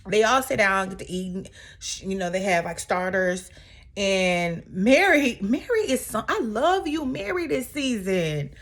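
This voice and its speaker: A woman's voice: mid-range voice, very animated, a little slow. A woman casually recapping a reality TV episode in a chatty, sassy way, full of asides.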